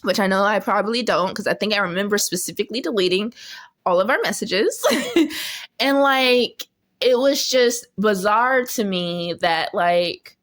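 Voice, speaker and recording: A young woman telling a casual storytime as a vlogger, chatty and animated, laughing often as she talks. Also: medium pitch, moderate pace.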